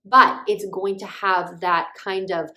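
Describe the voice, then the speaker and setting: A woman's voice: medium pitch, fairly even intonation, slow, pushed and bright. A woman teaching writing craft in a friendly explanatory talk, sometimes acting out short example lines.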